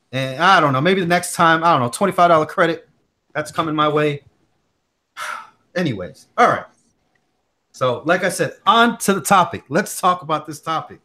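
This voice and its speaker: A man with a fairly high, bright and forceful voice, chatting on a casual tech livestream. He tells stories in an animated, slangy way, full of fillers and repeated phrases. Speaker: tech channel host.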